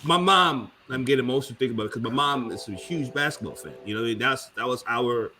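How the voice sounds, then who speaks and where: A man's voice: medium pitch, fast, pushed and bright, soft background music. A man in his thirties hosting a casual panel talk, telling an emotional story with lots of swearing. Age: 30s. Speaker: panel show host.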